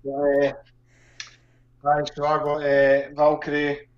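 A man's voice: fairly high pitch, normal speed, highs cut off. A man in a casual podcast chat, talking bluntly and swearing a lot.

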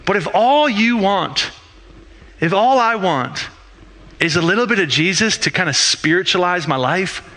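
A man's voice: on the high side, bright, forceful tone. A man preaching a sermon as a pastor in a conversational way, with rhetorical questions and frequent restarts.

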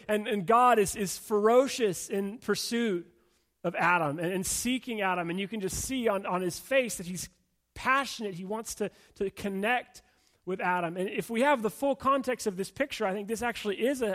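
A man with a high voice preaching a sermon to a room while slides are shown. He rambles casually, restarting phrases and checking in with "right?" as he goes. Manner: conversational and rambling, with many restarts and "right?" asides. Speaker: pastor. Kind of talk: sermon to a live audience with slides.

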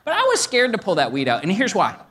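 A middle-aged pastor delivering a sermon with a very animated, swooping voice. He mixes scripture with playful stories about married life and now and then builds to excited shouts. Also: high voice, fast talker, slightly rough. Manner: preaches with rising excitement, shouting at peaks; tells stories about his wife with humor.

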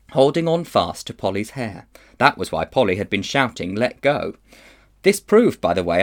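A man reading a children's novel aloud in an expressive storytelling manner. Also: fairly low pitch. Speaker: children's book reader.

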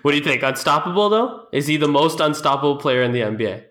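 A man co-hosting a sports podcast, agreeable and quick with short back-channel replies. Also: on the high side, lively intonation, fairly bright tone. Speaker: podcast co-host. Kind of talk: casual sports chat.

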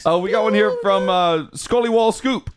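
A man's voice: high voice, moderate pace. A man co-hosting a comedy podcast, reading listener letters aloud with small slips. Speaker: podcast co-host. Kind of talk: casual chat, reading listener mail.

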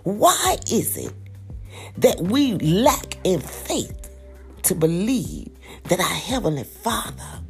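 A middle-aged woman with a raspy morning voice, preaching a sermon with passion, dropping to whispers and rising to cries. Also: on the low side. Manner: impassioned preaching, swinging between hushed whispers and loud cries.

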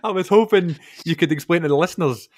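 A man hosting a podcast interview, relaxed and hesitant, with frequent fillers. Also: fairly high pitch, fast talker, no room sound. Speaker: podcast host.

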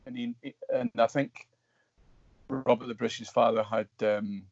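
A middle-aged Scottish man, an actor guest, telling stories in an animated, rambling way with many restarts. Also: medium pitch, unhurried, creaky, no room sound, lo-fi sound. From Scotland. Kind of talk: casual storytelling interview.

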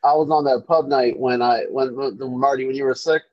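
A man in a casual chat, telling animated anecdotes and acting out the voices in them. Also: mid-range voice, fairly quick, muffled recording.

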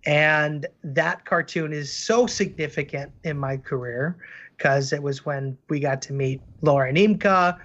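Guy telling stories on a podcast, earnest, highish voice, kinda muffled lo-fi audio. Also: fairly bright tone. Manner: earnest, storytelling, lots of fillers. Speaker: cartoon creator, guest. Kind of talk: casual podcast conversation.

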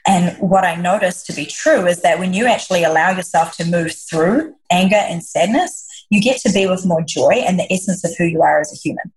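A woman with a slightly low, husky voice talks earnestly as a podcast guest. She is a leadership coach and answers reflectively, often circling back and restarting her sentences. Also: brisk, hardly any pauses, low-quality recording. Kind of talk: conversational interview answers.

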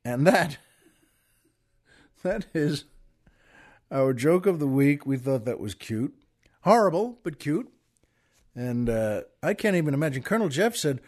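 A man's voice: a little high, lively intonation, slow, long pauses, darkish tone. A man hosting a talk show, telling stories in a casual, rambling way with frequent restarts and repeated words. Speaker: show host.

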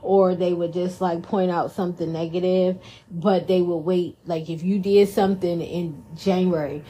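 A woman's voice: lowish voice, steady tone, normal speed, dark tone, husky. A woman hosting a podcast in casual chat, playful and jokey, talking into a studio microphone. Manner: playful, jokey, self-praising. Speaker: podcast host.

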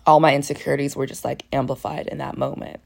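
A young woman in college with a croaky, dehydrated voice, candidly telling a raw personal story in a casual vlog. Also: a bass voice, flat delivery, fast talker. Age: young adult. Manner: candid, raw, frank storytelling with blunt language.

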